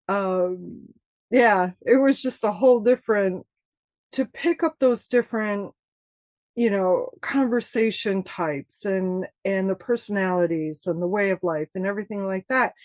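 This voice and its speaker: A woman from Michigan chatting as an author guest in an interview, animated and laughing often as she tells stories. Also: mid-range voice, measured pace, no echo. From Michigan, USA. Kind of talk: casual interview chat.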